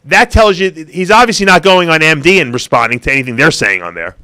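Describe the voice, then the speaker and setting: A man's voice: on the high side, lively intonation, quick pace, sharp tone, clean tone. A man co-hosting a talk show, telling stories in a rambling, casual way. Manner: rambling, many fillers and restarts, chuckles along. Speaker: podcast co-host. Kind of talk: casual opinionated chat.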